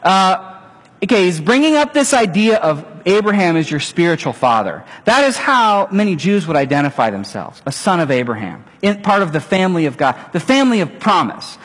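A middle-aged man, a pastor, gives an animated sermon full of stories, slipping into acted-out little voices. He speaks briskly in a high, slightly rough voice, recorded with a long hall reverb.

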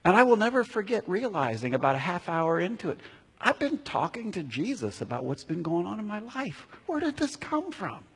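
A man's voice: high voice, sing-song, brisk, a bit bright, breathy edge. A man preaching a sermon as a pastor who keeps asking the congregation questions, recorded in a church sanctuary. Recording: long reverb of a large hall.

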